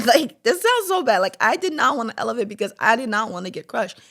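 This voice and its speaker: Candid young woman with gravelly fry. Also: on the high side, fast talker, hardly any pauses. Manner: candid, lots of "like" fillers, animated quoting. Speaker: podcast host. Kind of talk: personal faith testimony, casual talk.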